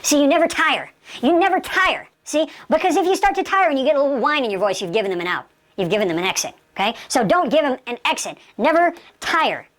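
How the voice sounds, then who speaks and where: A woman's voice: high-pitched, expressive, quick pace, a bit bright. A woman instructor giving an emphatic lesson and acting out sample dialogue. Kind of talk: instructional talk.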